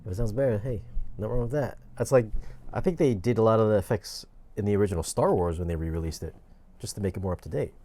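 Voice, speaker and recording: A man's voice: on the low side, fast talker, mellow. A man co-hosting a casual podcast, talking in a laid-back, easygoing way. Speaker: podcast co-host. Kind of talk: casual chat.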